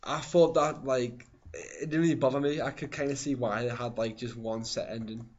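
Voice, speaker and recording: A man's voice: medium pitch, fairly even intonation, moderate pace. A man hosting a casual gaming podcast, rambling with many fillers. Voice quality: rambling, lots of fillers and hedges. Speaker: podcast host. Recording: dull lo-fi sound.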